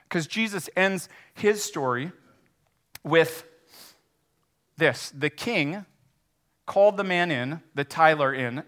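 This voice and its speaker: A man preaching a sermon, retelling a parable in a lively, animated way. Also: fairly high pitch. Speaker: pastor. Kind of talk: sermon storytelling.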